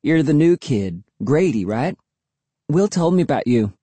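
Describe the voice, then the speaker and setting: A man's voice: on the high side, big pitch swings, measured pace, breathy edge, no room sound, full character voice. A man doing a bold, teasing young girl. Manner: teasing, insistent, drops to a hush for scary talk. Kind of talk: audiobook character voice.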